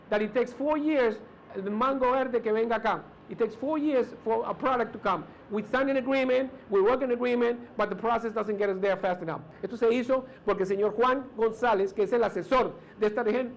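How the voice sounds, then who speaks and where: A man's voice: very high voice, lo-fi sound, slight background noise. A man with a Colombian accent giving a speech at a podium as a community leader, hesitant and repeating words. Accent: Colombian Spanish. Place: indoor event hall. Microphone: podium mic.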